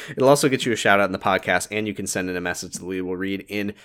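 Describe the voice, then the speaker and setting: A man's voice: low voice, quick pace, fairly bright tone, clean tone. A man casually wrapping up a podcast episode, loose and joking, with fillers and the odd swear. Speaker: podcast host.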